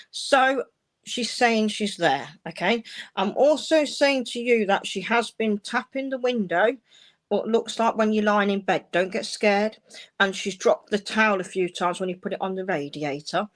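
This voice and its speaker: A woman's voice: mid-range voice, measured pace. A woman hosting a live-streamed mediumship session, speaking reassuringly to callers and calling them darling and my love. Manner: warm, reassuring, uses endearments like darling and my love. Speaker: medium giving live readings. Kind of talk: live-streamed psychic reading.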